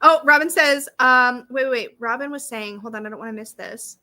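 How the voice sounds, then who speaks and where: A bubbly woman with a lilt hosts a casual live stream, chatting with viewers as she goes. Her voice sits a little high and has a bright, forceful edge. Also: a little fast. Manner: bubbly, chatty, reads viewer comments aloud. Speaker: creator hosting a live launch stream.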